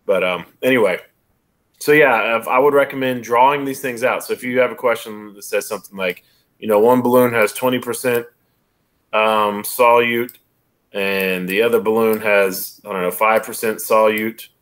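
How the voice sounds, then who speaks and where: A man's voice: lowish voice, fairly even intonation, moderate pace, a bit bright. A male instructor running a casual online exam review, explaining step by step and often checking in with "right?". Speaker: college biology instructor.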